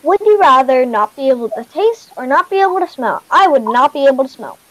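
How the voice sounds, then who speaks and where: A woman's voice: high-pitched, expressive, a little fast, low-quality recording. A woman hosting a livestream, reading out questions in an upbeat, chatty way. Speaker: livestream host. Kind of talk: casual chat reading questions.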